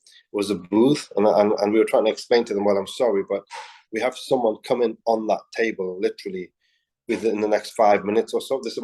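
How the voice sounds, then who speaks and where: Mellow low-voiced man, halting delivery. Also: steady tone, poor audio. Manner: hesitant, halting storyteller. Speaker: co-host. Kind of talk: casual chat.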